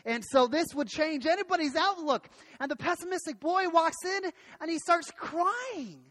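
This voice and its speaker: Animated pastor preaching in a reverberant hall. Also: male voice, very high-pitched, moderate pace. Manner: animated storytelling with many restarts. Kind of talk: sermon.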